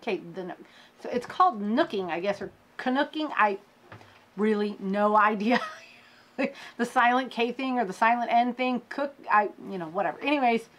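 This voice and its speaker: A woman hosting a crafting podcast, chatting casually with her viewers about her projects, laughing often and poking fun at her own slow progress. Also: on the high side, expressive, fairly bright tone. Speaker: crochet podcast host. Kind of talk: casual show-and-tell chat.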